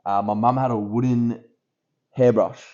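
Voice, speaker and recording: A young Australian man co-hosts a podcast, brash and casual, swearing and calling his friend bro as they chat. His mid-range voice is steady, slightly slow and a little mellow, and the audio is dull and lo-fi.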